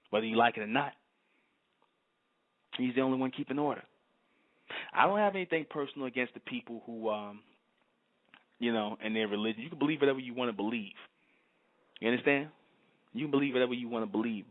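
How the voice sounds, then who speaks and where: A man hosting his own channel, delivering an emphatic, repetitive solo monologue and often asking his listeners if they understand. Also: fairly low pitch. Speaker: channel host. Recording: tinny phone-like sound.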